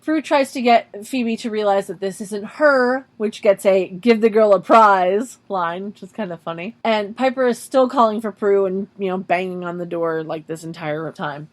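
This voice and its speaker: A woman's voice: medium pitch, moderate pace, few pauses. Woman casually recapping an episode. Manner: narrates plot step by step, dry asides. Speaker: podcast co-host.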